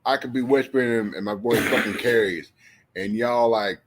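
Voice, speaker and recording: A little fast and lowish in pitch, this man chats casually with his livestream viewers, rambling on and swearing freely. He's animated and profane as he addresses chat.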